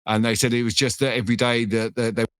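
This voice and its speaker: A man's voice: medium pitch, little pitch movement, fast talker, fairly bright tone, no echo, studio quality. A middle-aged man co-hosting a podcast, chatting in a rambling, sweary, self-deprecating way. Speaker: podcast co-host, author. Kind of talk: casual chat.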